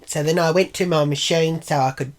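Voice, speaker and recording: Middle-aged Australian woman, deep voice, crude and cheeky storyteller. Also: steady tone, fairly quick. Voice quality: brash, profane, mimics others in high voices. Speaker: vlogger. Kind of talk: casual storytelling.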